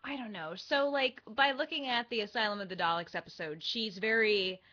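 Young woman cohosting a fan podcast, kinda high, frank, muffled lo-fi sound. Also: a little fast. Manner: lively, frank. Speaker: podcast co-host. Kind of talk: casual fan podcast chat. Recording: dull lo-fi livestream audio.

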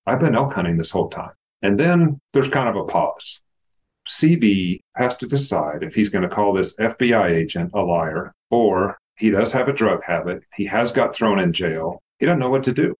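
A man's voice: fairly low pitch, animated, normal speed, low-quality recording. A man, a retired FBI agent, recounting a criminal case in storytelling fashion on a podcast, acting out the quoted dialogue.

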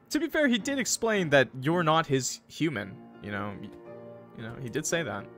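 A man who plays games on his channel, joking and reacting loudly as he comments on a visual novel. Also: fairly high pitch, a little fast, faint music behind. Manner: excitable, joking, loud outbursts. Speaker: gaming YouTuber. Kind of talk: let's play commentary.

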